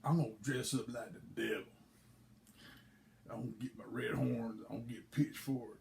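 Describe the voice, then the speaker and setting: A man voicing a male preacher's cousin who plots a prank in a low voice. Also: steady tone, normal speed, creaky, a little mellow, slight background noise. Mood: scheming.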